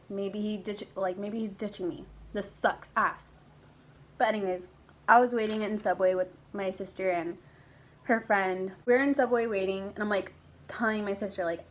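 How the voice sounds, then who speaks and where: Telling a personal story at a moderate pace, this young vlogger is casual, animated, and somewhat crude, now and then squeaking in a high voice to play her younger self. The audio quality is poor.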